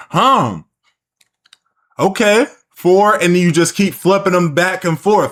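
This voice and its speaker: A man's voice: lowish voice, animated, normal speed, fairly bright tone. A man streaming a casual reaction, talking bluntly and jokingly with slang and swearing.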